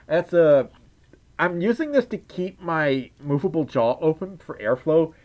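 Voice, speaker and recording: The recording is muffled as a young adult livestreamer casually chats with viewers and reads chat in an affected Southern drawl. Their medium-pitched voice has lively intonation and a measured pace, and they ramble, giggle, and laugh often.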